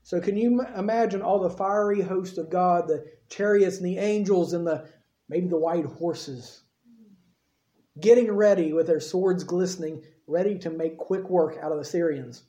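A man preaching a sermon, telling the story in an animated way and acting out the quotes himself. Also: high-pitched, normal speed, echoey room. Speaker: pastor.

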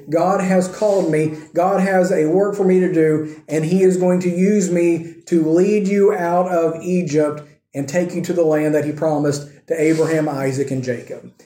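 Preacher speaking as God: measured, reassuring, mellow, a little high, echoey hall. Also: male voice, lightly acted. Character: God, a calm commanding male voice calling a reluctant man. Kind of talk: sermon retelling with acted quotes.

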